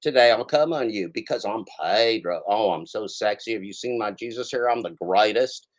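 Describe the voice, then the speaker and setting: A man's voice: fairly low pitch, moderate pace, natural voice, rough recording. A man doing a mocking impression of a vain, boastful man who brags in exaggerated tones. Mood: preening.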